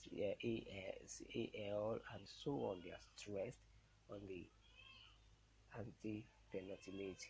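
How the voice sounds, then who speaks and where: A man teaching an English lesson, slowly modelling words and explaining the rules. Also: lowish voice, darkish tone, slight background noise, poor audio. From Nigeria. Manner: slow, deliberate word drills and explanations. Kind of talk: recorded online lesson.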